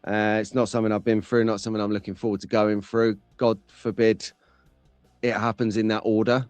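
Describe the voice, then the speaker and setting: Man, livestream host, casual banter, smooth clear voice, dry close sound. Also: fairly low pitch, level tone, fairly quick, a little mellow, no room sound, faint music behind. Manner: chatty, banters with viewers in chat. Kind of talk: casual live-stream chat.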